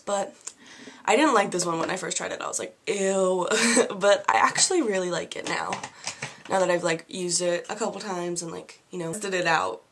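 A woman's voice: on the low side, slight background noise. A woman giving a casual, bubbly beauty product review at home, chatting with lots of "like" fillers. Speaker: beauty vlogger. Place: at home, seated with products in front of her.

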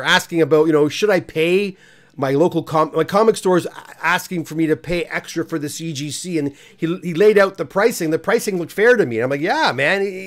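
A man hosting a live comic unboxing stream, venting in an exasperated, repetitive rant and then greeting viewers in the chat. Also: a little high. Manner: exasperated, ranting, repeats himself when worked up.

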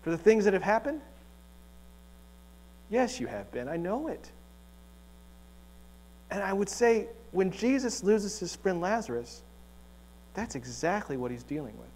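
A man's voice: sits high, very animated, measured pace, pauses often, a little mellow. A male pastor preaching a conversational sermon in a church, joking and asking the congregation rhetorical questions. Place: church sanctuary.

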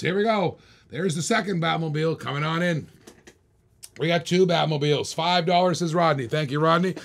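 A man's voice: fairly high pitch, gravelly. A man hosting a live stream auction of toy cars, calling bids over and over in a hyped, repetitive way.

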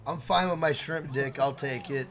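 A man live-streaming a video game, talking loudly to his chat with swearing and shout-outs. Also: medium pitch, normal speed, noisy background.

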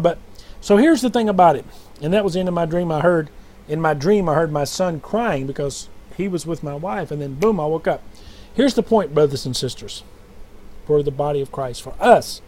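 A man's voice: on the high side, moderate pace, warm tone. A man preaching and recounting a dream in a rambling, repetitive, fervent way, often calling out to "brothers and sisters.". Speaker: self-styled prophet and preacher. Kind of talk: late-night dream testimony and preaching. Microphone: recorded alone at night.

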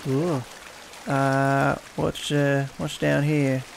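A man co-hosting a casual gaming stream, excitable and cheering, with lots of stammered restarts. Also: medium pitch, extremely slow, creaky, background noise.

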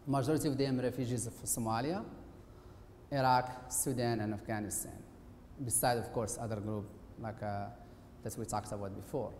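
A man's voice: mid-range voice, fairly even intonation, moderate pace, a little mellow. A middle-aged man gives a presentation lecture, speaking in a conversational, hesitant way. His voice sits in a medium range. The sound carries a long, roomy auditorium reverb. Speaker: guest lecturer, occupational therapist. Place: university auditorium. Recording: echoey hall with faint hiss.

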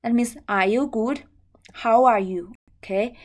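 Brief: young Chinese-accented woman teacher, slightly high voice, slow careful drilling of syllables. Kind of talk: language lesson.

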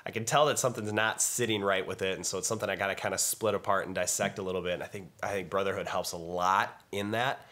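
A man's voice: sits low, fairly even intonation, fast, few pauses, sharp tone. A young man speaking as a guest in a faith-based talk, thoughtful and easygoing, laughing easily. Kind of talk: casual faith discussion.

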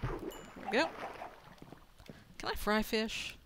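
A woman's voice: a little high, slow pace, background noise. A woman casually commenting on her own gameplay, talking to herself and laughing at her mistakes. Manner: chatty, self-narrating, laughs at mistakes. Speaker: let's play gamer.

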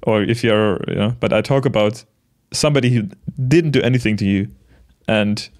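A man in his late twenties talking to the camera in a casual, reflective monologue, gentle and halting, with many restarts and soft laughs. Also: on the low side. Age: late 20s. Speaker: vlogger.

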